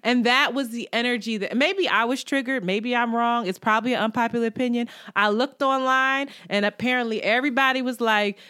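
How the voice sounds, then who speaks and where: Animated, salty-tongued woman podcast host. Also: a little high, a little fast, few pauses, clear, resonant tone, no room sound, clean studio sound. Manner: animated, profane, storytelling with quoted voices. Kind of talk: casual chat.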